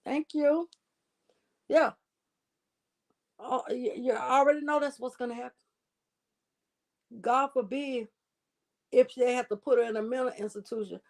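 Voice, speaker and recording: A woman hosting a casual gossip livestream, animated and laughing often, with drawling asides to her viewers. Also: sits high, a little slow, long pauses. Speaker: livestream host.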